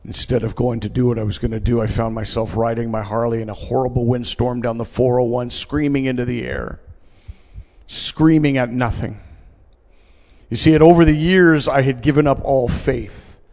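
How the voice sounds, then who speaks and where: Gravelly middle-aged man testifying in a hall. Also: medium pitch, fairly even intonation, moderate pace. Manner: earnest storytelling, swinging between hushed and loud. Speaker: speaker giving a personal testimony. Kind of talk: emotional testimony to a live audience. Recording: long reverb of a large hall.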